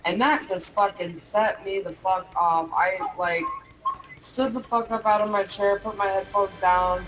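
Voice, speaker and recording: A man's voice: high-pitched, steady tone, a little slow, a bit bright, soft background music, rough recording. A man, a parent, telling a personal story in a casual, heavily profane and emotional way. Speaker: parent and game streamer.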